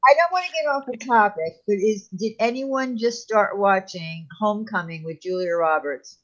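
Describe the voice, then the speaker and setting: A woman in a casual chat, explaining hesitantly with many pauses. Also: medium pitch, lively intonation, dull audio.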